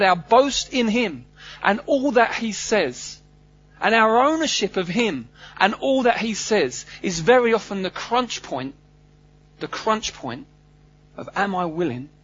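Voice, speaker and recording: A man's voice: high-pitched, fairly bright tone. A man preaching a sermon in an earnest, emphatic way, often restarting and repeating phrases. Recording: slightly dull sound with faint hum.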